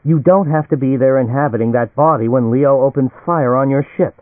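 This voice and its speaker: A man voicing a grim, withdrawn male colonist who talks flatly and curtly. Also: medium pitch, brisk, dry recording, voice pushed up, close to an everyday voice. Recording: dry, tinny phone-like audio.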